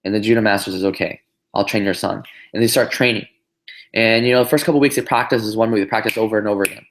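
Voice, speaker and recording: A man giving a motivational business talk on a group call, telling a story in an animated way with lots of "you know" and "right?". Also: lowish voice, very fast, a little hiss or hum. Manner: animated storyteller, many fillers and tag questions. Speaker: business trainer.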